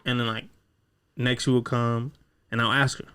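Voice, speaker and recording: A man's voice: mid-range voice, flat delivery, normal speed, pushed and bright, clear, resonant tone. A young man co-hosting a podcast, telling stories from his childhood in a laid-back, casual way, swearing freely and acting out what people said. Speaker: podcast co-host. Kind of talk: casual chat, storytelling.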